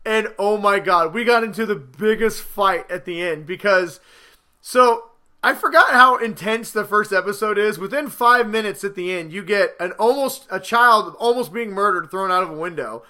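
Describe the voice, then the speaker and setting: High bright animated podcast dad. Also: male voice, normal speed. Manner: animated storyteller, acts out quotes loudly. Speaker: podcast co-host. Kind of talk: casual chat.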